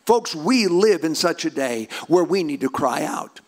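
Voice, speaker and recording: Fervent high-voiced male preacher. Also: lively intonation, measured pace. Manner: rising to fervent, near-shouted emphasis. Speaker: pastor. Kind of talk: sermon.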